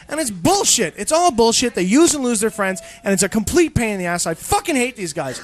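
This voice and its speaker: A young man hosting an internet radio show, delivering a profane, shouting live rant. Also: very high-pitched, very animated, fast, few pauses. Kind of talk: ranting live radio talk.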